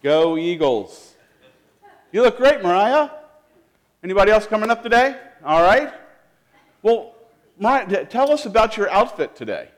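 A man leading a children's sermon as pastor in a church, gentle and lively, asking the kids questions with frequent restarts. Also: high-pitched, moderate pace, pauses often. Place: church sanctuary.

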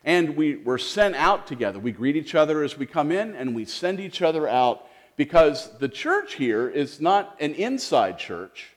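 Lively male pastor talking with children. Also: a little high, a little slow, few pauses. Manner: gentle, lively, talks to children with questions and restarts. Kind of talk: children's sermon. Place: church sanctuary.

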